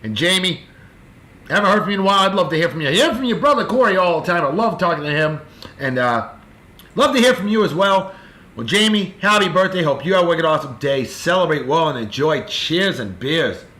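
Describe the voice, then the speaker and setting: On his daily beer video, this Martha's Vineyard, Massachusetts host briskly rattles off casual birthday greetings, talking directly to friends with upbeat enthusiasm. His crisp, forceful voice sits a little high and has lively intonation, and the recording echoes like an empty room.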